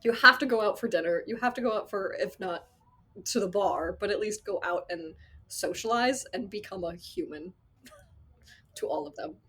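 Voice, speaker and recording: A woman working as an associate sound designer, telling stories in a casual interview, animated and acting out quotes with frequent laughs. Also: medium pitch, moderate pace, slightly rough. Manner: animated storyteller, acts out quotes, laughs often.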